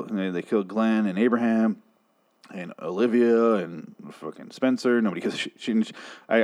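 A man with a somewhat low, hoarse voice talks through a TV episode in a loose, rambling review. He swears freely and sounds exasperated, stumbling over his words and starting his sentences again. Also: darkish tone. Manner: profane, exasperated, rambling with restarts.

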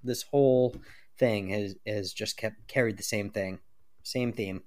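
A man's voice: lowish voice, steady tone, unhurried, a little mellow. A man co-hosting a podcast, chatting casually about comics, restarting sentences and trailing off as he thinks aloud. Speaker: podcast co-host.

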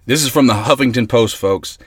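A man hosting a comedic mock radio broadcast, excitable, rambling and mock-earnest, talking from inside a parked car. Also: mid-range voice, a little fast, husky, no echo. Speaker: host. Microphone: close mic in a parked vehicle.

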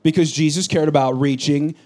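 A man's voice: on the high side, steady tone, fairly quick, darkish tone. A middle-aged man preaching a sermon in a conversational, joking style, building to emphatic bursts. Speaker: pastor.

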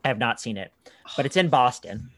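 A young man from Canada chatting casually as a podcast co-host, easygoing and prone to rambling off track. His voice sits at a middling pitch and sounds close and dry, with no room behind it. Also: expressive, fairly quick, a bit bright, no echo. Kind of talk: casual chat.

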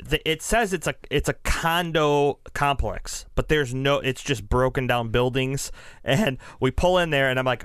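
A man's voice: mid-range voice, normal speed, a bit bright, clean tone, no echo, clean studio sound. A man on a casual podcast telling trip stories animatedly, with frequent fillers. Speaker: podcast co-host. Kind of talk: casual chat.

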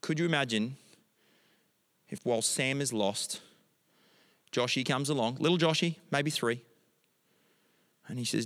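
A man's voice: mid-range voice, unhurried, pauses often, a bit bright, long reverb tail. A middle-aged man, a pastor telling a family story in a sermon and moving into emphatic prayer.

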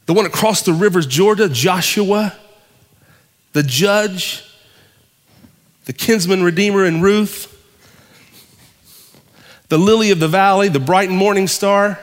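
A male pastor preaching a fervent sermon, building rhythmic lists with repetition. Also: high-pitched. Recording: long hall reverb.

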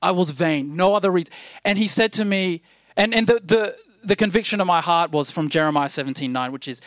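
A man's voice: sits high, brisk, fairly bright tone, dry recording, clean studio sound. A man in his thirties preaching a sermon, rambling and self-deprecating with many restarts, growing emphatic toward the end.

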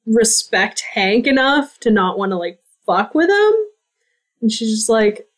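A woman's voice: a little high, expressive, measured pace. A woman playing a tabletop game, chatty and often laughing. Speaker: player. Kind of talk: casual tabletop play.

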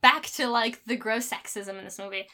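A woman's voice: a little high, normal speed, bright, forceful tone. A woman in a casual film discussion, criticizing a movie with sarcasm and frequent fillers. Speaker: podcast co-host.

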